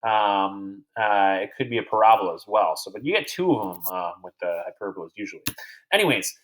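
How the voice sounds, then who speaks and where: A man's voice: on the low side, lively intonation, brisk. A man teaching a recorded math lecture over slides, chatty and digressive, quizzing imaginary students as if they were in class.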